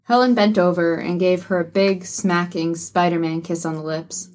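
A woman narrating an audiobook in a lowish voice. She tells the story with a wry, even delivery. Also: normal speed.

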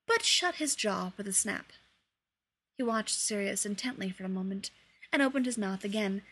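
A woman reading fan fiction aloud in a lively, expressive storytelling manner. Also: mid-range voice, husky. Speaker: reader.

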